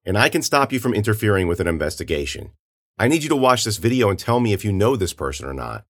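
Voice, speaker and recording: A man's voice: lowish voice, very animated, fast, fairly bright tone, full character voice. A man playing a blunt male investigator who speaks tersely and matter-of-factly. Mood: firm.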